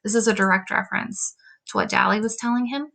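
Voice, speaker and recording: A woman teacher explains a novel in an easygoing, chatty way, reading passages out loud and leaning on fillers. Her voice sits at a middling pitch but sounds bright and forward, with a gravelly fry at the ends of phrases. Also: steady tone, fast talker. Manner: reads quotes from a novel aloud. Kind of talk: casual lesson walkthrough.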